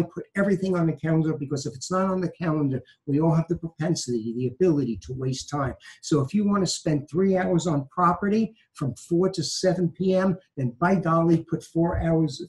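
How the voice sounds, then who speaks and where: A man's voice: on the high side, darkish tone, low-quality recording. A man from New York with a light Brooklyn accent, a law professor giving emphatic advice and repeating his key phrases. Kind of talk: conversational advice talk.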